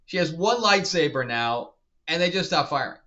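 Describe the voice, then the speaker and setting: A man rants about a TV episode, exasperated and incredulous, often breaking into laughter. His voice is bright and forceful. The recording sounds muffled and lo-fi. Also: a little high, animated, normal speed. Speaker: TV show reviewer. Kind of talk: casual review rant. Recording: dull lo-fi sound.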